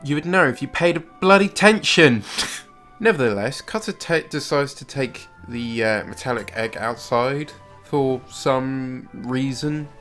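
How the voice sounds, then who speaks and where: A man's voice: mid-range voice, measured pace, fairly bright tone. A man from Britain hosting a casual review, narrating the plot with wry, laughing asides. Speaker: host narrating a show review. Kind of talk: casual commentary. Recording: faint music under the voice.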